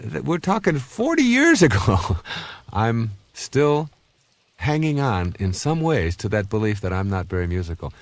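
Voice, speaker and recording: A man's voice: medium pitch, vocal fry, no echo. A man in his fifties giving a recorded self-help talk in an earnest, conversational, anecdotal way. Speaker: self-help author and speaker.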